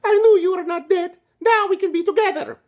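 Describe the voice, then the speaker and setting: A man voicing a lovesick young woman in a melodramatic, shrill falsetto. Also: fairly quick, a little mellow.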